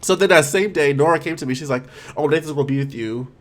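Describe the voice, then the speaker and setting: A young man from Philadelphia with a Philly accent, a podcast guest telling stories fast and bluntly in casual chat. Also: fairly high pitch. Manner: talks fast and blunt, animated storytelling.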